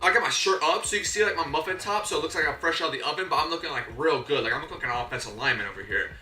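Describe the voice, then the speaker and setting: A young man telling a comedic story, animated and slangy, acting out his own voice and his coaches' voices. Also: on the high side, rapid-fire. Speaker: YouTuber. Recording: echoey room, a bit distant from the mic, faint music.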